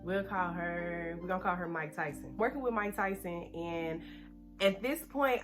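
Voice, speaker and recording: A young woman from Texas telling a personal story while doing her makeup. She talks in an animated, chatty way and speeds up when she gets nervous. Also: on the low side, normal speed, faint music behind. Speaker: beauty vlogger.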